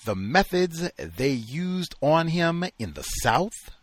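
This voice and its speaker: A man's voice: medium pitch, wildly swooping pitch, takes it slowly, a bit bright, slightly rough, no echo, heavily acted. A man reading as choked, angry dog trainer Keys. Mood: choked anger. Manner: choking, words coming out between gulps. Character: man who trains dogs, choked with anger.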